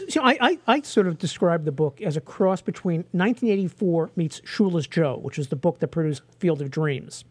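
A male host with a high, husky voice, leading an interview in a friendly way. He laughs along easily with his guest. The sound is dry and close, with no room echo. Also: lively intonation, fairly quick, hardly any pauses. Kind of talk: casual interview.

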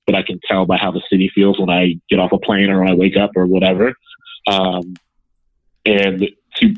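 Brief: young Ohio man, podcast guest, relaxed rambling story, dry phone sound. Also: low-pitched, vocal fry, no echo. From Columbus, Ohio, US. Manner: relaxed storyteller with frequent fillers. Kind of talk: casual chat. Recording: tinny phone-like line, dry.

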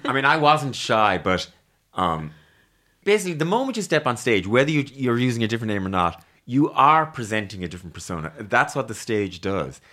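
A male host chatting with a guest in an interview, talking emphatically with animated asides. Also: medium pitch, fairly quick. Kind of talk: casual interview chat.

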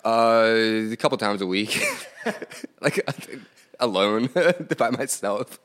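A man's voice: fairly low pitch, slow, a bit bright. Laid-back, giggly man telling stories. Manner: laid-back, laughing, rambling storyteller. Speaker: podcast guest, musician. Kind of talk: casual chat.

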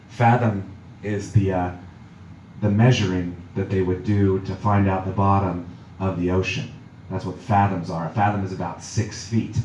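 A man's voice: sits low, mellow, a little hiss or hum. A man preaching a reflective sermon as pastor, musing aloud with small restarts. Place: church sanctuary. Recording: echoey hall from far off.

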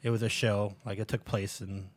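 A man's voice: on the low side, little pitch movement, no room sound. A man hosting a podcast in casual chat, telling stories and swearing freely. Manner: swearing, storytelling, quick to laugh. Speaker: podcast host.

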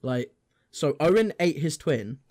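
Lively, slightly high-voiced podcast co-host, jokey and sweary. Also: male voice, measured pace. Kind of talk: casual chat.

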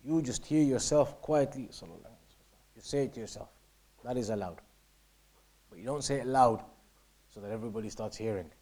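Fast-talking man teaching a religious class. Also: mid-range voice, darkish tone. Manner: repetitive, explanatory, drops to a near-whisper to demonstrate. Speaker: teacher of Islamic law. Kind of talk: class lesson, reading Arabic text and explaining in English.

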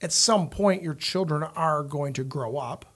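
A man's voice: fairly high pitch, a little slow, a bit bright, slightly rough. A man, a father, talking in a casual conversation, rambling and repeating words, acting out what others told him. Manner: rambling, repeats words, acts out quoted lines. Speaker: guest.

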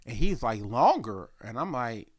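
A man's voice: medium pitch, sing-song, unhurried, dry recording, clean studio sound. Profane man telling a work story. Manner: loose profane storytelling, voices the boss; clears throat often. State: sick. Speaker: podcast host. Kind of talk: casual storytelling.

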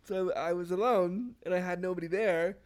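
A man as a podcast guest, telling a story in casual conversation, animated and often repeating and restarting words. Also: sits high, normal speed. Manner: animated, acts out quoted exchanges.

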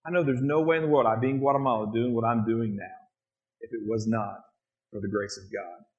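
A man's voice: medium pitch, fairly quick, muffled recording. Earnest man telling mission stories. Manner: earnest, animated storytelling. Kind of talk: speaking to an interviewer.

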